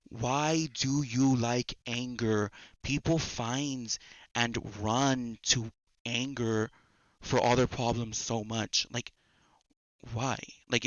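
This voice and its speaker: Bright-voiced young man ranting on a podcast. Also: medium pitch, no echo, dull audio. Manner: repeats words and restarts sentences. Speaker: podcast host. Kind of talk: casual solo podcast rant. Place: at home in a busy house.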